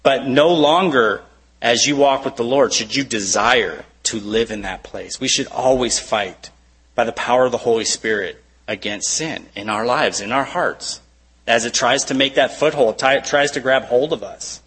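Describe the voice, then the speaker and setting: A man preaching a sermon with a bright, forceful voice. His delivery is conversational and full of "you know" asides. He keeps asking rhetorical questions. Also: medium pitch, normal speed, low-quality recording. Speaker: pastor.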